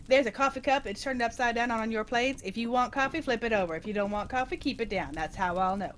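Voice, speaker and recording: A woman's voice: on the high side, fast, a little hiss or hum, close to an everyday voice. Woman doing a brash Boston diner waitress. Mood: bossy. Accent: heavy Boston. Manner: loud, commanding, calls everyone sweetie. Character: brash older woman diner waitress, bossy but friendly.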